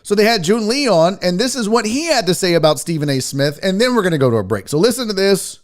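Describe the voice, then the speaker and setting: A man's voice: high voice, sing-song, fast talker. A man from the American South hosting a casual sports talk livestream, brash and profane, joking and chatting with his viewers. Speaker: sports talk show host.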